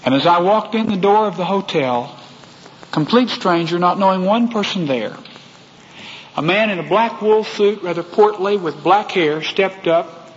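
Texan preacher in a reverberant hall. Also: male voice, high voice, a little slow, dull audio, slight background noise. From Texas. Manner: folksy, addresses the congregation directly. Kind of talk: sermon with personal storytelling.

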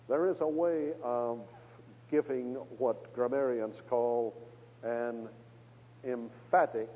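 Husky guy preaching slow and careful, leans hard on the scripture bits, sounds like old radio with a big echoey hall. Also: mid-range voice. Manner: measured, emphatic on quoted scripture. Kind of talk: expository sermon. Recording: reverberant hall on a tinny, narrow-band radio broadcast.

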